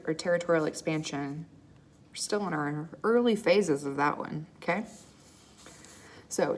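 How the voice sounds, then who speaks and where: A woman with a low voice gives a recorded history lecture. She talks casually, keeps checking in with her students by asking "okay?" and "right?", and fills pauses with ums and false starts. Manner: frequent ums and uhs, restarts. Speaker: history teacher.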